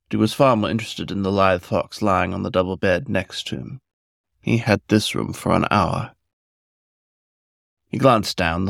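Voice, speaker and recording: A man narrating a story in a measured, scripted storytelling manner. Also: lowish voice, creaky, no room sound, clean studio sound.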